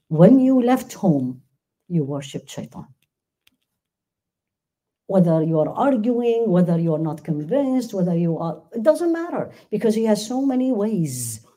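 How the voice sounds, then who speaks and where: Dark, husky-voiced woman teaching a religious class. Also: fairly low pitch, big pitch swings, normal speed. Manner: asks the class questions, emphatic, recites verses. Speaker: Quran teacher.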